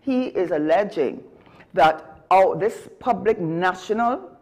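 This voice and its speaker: A woman's voice: medium pitch, animated, slow, a little mellow. Trinidadian lady on a talk show, argues her point hard, keeps restarting her sentences. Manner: emphatic, argumentative, frequent self-corrections. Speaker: guest commentator. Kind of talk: political commentary on a talk show.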